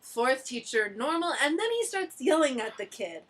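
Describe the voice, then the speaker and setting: Young woman, casual chat among friends, lively storyteller voicing others' lines, a touch high-pitched. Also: moderate pace. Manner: animated storyteller, acts out quotes, laughs often. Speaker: ALT teacher sharing stories.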